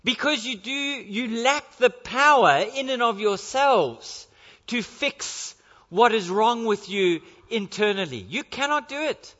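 With an extremely high, fairly bright voice and lively intonation, this man preaches slowly and earnestly from a church pulpit. Rhetorical questions come again and again to hammer home his points. The recording is lo-fi and dull, swimming in long church reverb.

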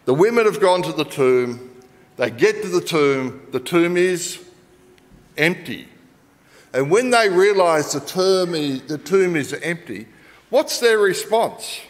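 A middle-aged Australian man preaching a sermon and telling a story, swinging between loud emphasis and quiet asides. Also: a little high, expressive, slow pace, in a large hall.

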